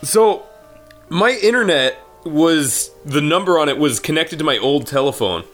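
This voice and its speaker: A man spins a casual, rambling anecdote, full of fillers and profanity. His voice sits somewhat high, and a faint wash of music plays behind him. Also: expressive, a little slow, fairly bright tone. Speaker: guest. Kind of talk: casual comedic storytelling.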